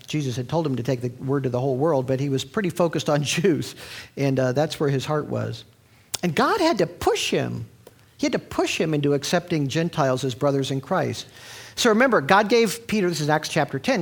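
Animated conversational male preacher. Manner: conversational storytelling with restarts; animated, sweeping pitch. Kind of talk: sermon.

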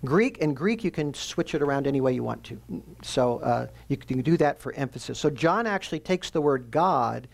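A man preaching a sermon as pastor, teaching earnestly and slowing down to stress key phrases. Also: mid-range voice, animated, gravelly.

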